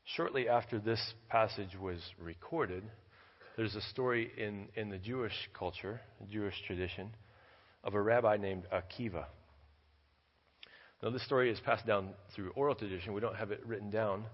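Missionary man preaching, halting storyteller who repeats words, low and slightly hoarse, recorded lo-fi in a reverberant church. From United States. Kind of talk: sermon with scripture reading and storytelling.

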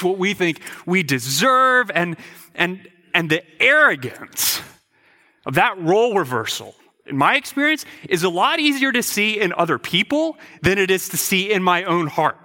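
Male preacher, sermon, emphatic, rhetorical questions, lively pitch, long hall reverb.

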